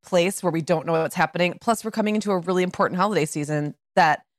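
A middle-aged woman co-hosting a parenting podcast, her voice croaky, rambling and searching for words as she chats. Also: on the low side, quick pace, dry recording, studio quality. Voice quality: croaky in the morning. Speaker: podcast co-host. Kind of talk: casual podcast chat.

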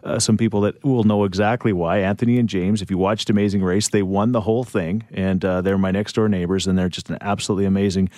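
Easygoing deep-voiced radio host man. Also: steady tone, fast, hardly any pauses, warm tone, no echo, clean studio sound. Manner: easygoing, filler-heavy, encouraging. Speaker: radio morning show host.

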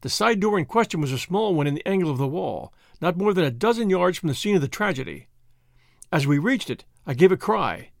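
A man reads a story aloud, measured and expressive, his pitch moving widely on a fairly high voice. There is a gravelly texture, and the recording is close and dry. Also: no echo. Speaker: audiobook narrator. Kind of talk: scripted narration.

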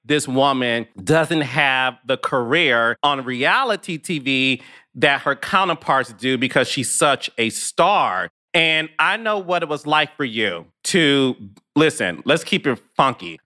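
A man hosts a chat podcast with a bright, forceful tone. His voice sits a little high for a man. He talks emphatically and theatrically, and he is openly affectionate with his guest. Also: lively intonation, unhurried. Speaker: podcast host. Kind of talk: casual interview chat.

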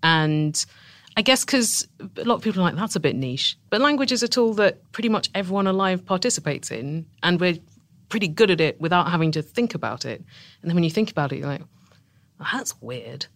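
A woman's voice: fairly low pitch, expressive, fast talker, no room sound. Dry-humored Englishwoman, close and dry sound. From England. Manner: dry, self-deprecating, laughs easily. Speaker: podcast host, language guest. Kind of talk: casual interview chat.

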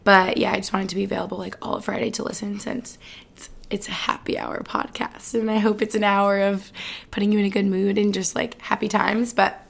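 A woman in her twenties hosting a casual solo podcast, chatting fast with lots of fillers and sounding a little out of breath. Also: mid-range voice, flat delivery, creaky. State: slightly out of breath. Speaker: podcast host.

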